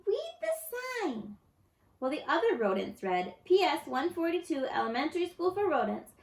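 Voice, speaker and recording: A woman's voice: medium pitch, vocal fry. A woman expressively reading a children's picture book aloud, recorded in an echoey room. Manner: expressive, lively storybook reading. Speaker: storyteller.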